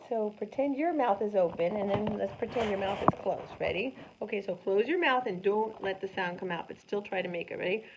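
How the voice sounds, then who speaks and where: A woman teaching a science lesson to children, animated and sing-song, often asking them questions. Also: mid-range voice, fairly quick, hardly any pauses. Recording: dull lo-fi sound with faint noise.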